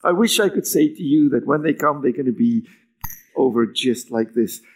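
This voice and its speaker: Man, pastor, sermon, emphatic then whispered, acts out quotes with high pitch. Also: lively intonation, moderate pace. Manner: swings between loud emphatic lines and hushed near-whispers.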